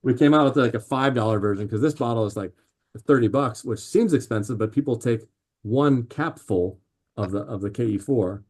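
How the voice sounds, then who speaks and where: A man talking as a guest on a podcast, telling animated stories with lots of fillers and restarts. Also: medium pitch, normal speed. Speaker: podcast guest, drink company founder. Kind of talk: casual interview chat.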